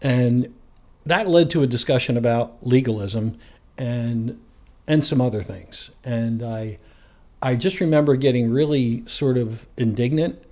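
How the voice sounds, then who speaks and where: A man from New Jersey sits as a guest and tells his own story at an easy, meandering pace. His voice sits at an ordinary middle pitch. He talks in a loose, conversational way and often chuckles as he goes. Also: measured pace. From New Jersey, USA. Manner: relaxed and rambling, with frequent chuckles.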